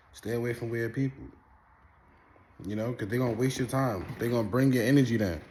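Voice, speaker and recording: Animated New man telling stories. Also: mid-range voice. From Brooklyn, New York. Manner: animated storytelling, street slang, acts out quotes. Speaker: host. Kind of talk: casual monologue.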